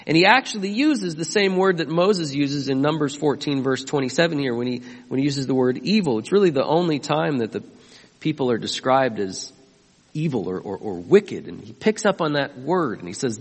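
A man's voice: mid-range voice, animated, moderate pace, slightly rough, big-room sound. A man preaching a sermon as pastor, emphatic and often asking his listeners questions. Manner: emphatic, asks the congregation questions.

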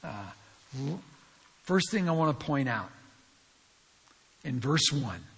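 A man's voice: medium pitch, very animated, slow pace, gravelly, fairly bright tone, husky, long reverb tail. A man with a scratchy voice giving earnest, emphatic verse-by-verse Bible teaching and speaking straight to his listeners.

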